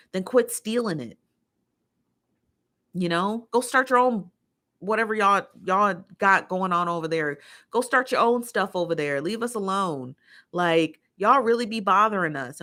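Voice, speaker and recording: A woman's voice: medium pitch, sharp tone. An American woman hosting a casual livestream, reading viewer comments aloud and ranting in an exasperated, opinionated way, repeating herself for emphasis. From United States. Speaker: livestream host.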